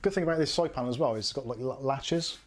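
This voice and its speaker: A man's voice: medium pitch, quick pace. A British man from the UK chatting casually and mocking himself while he narrates a live PC build. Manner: chatty, self-mocking, thinking aloud while working. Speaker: PC build streamer.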